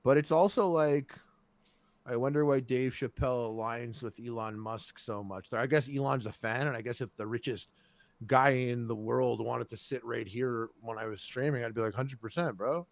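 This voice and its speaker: A man's voice: medium pitch, steady tone, normal speed, creaky, dry recording. A man co-hosting a podcast in casual chat, rambling through stories and acting out quotes. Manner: rambling storyteller, acts out quotes. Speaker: podcast co-host.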